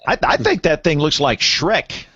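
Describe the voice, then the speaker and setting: Excitable man hosting a podcast. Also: a little high, unhurried, husky, no echo, dull audio. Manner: excitable, stammering restarts. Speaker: podcast host. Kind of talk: casual podcast chat.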